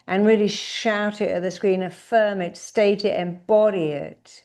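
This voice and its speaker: A middle-aged woman leading a guided therapy exercise, directing listeners and calling out affirmations slowly and with force. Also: medium pitch, steady tone, dark tone. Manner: commanding, drawn-out affirmations called out with emphasis.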